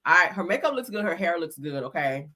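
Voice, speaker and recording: Woman host, bright and sassy, animated, blunt fashion takes for a live chat. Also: lowish voice, quick pace. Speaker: livestream host. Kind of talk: casual celebrity fashion commentary.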